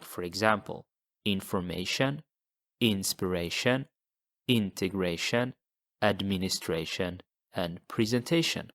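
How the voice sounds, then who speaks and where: A man teaching a language lesson, patiently repeating model words slowly for learners to copy. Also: on the low side, a bit bright. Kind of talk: slow, deliberate language lesson.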